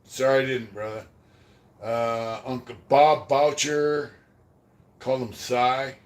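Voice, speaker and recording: A man's voice: mid-range voice, little pitch movement, slow. Profane rambling male podcast host. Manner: rambling, profane, trails off quietly. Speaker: podcast host reading super chats. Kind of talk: casual storytelling about prison life.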